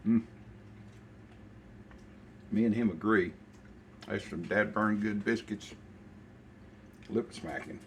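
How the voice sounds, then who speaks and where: A man's voice: on the low side, a little hiss or hum. An older man with a Southern US accent, casually chatting while cooking and eating in his home kitchen. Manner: folksy, unhurried, talks while eating. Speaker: cooking show host.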